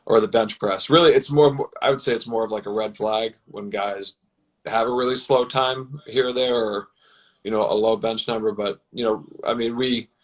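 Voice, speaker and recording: A man, a football team's personnel director, answering interview questions in a measured, explanatory way. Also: on the low side, fairly even intonation, rough recording. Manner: measured, explanatory, with many fillers.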